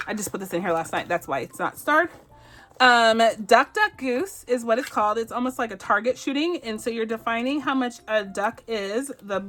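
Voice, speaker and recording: A woman's voice: a little high, fairly bright tone. A bubbly woman hosting a budgeting vlog, gushing and giggling as she plays savings challenges and says y'all. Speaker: budgeting channel host. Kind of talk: casual chat reviewing savings challenges.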